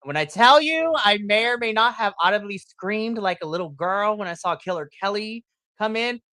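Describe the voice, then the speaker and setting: Excitable, laughing podcast co-host. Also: mid-range voice, normal speed, no room sound. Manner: excitable, laughs often, breaks into loud exclamations. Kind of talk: casual post-show chat.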